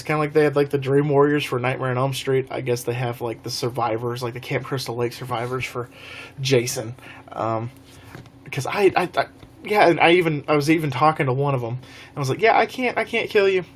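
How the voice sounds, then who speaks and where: A man's voice: medium pitch, fairly even intonation, brisk. A young man telling a rambling, laughing story on a casual live stream.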